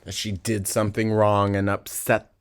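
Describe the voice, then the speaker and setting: A man's voice: on the low side, monotone, normal speed, clear, resonant tone. A man hosting a reaction video, mocking and swearing in a sarcastic, casual way. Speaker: reaction channel host.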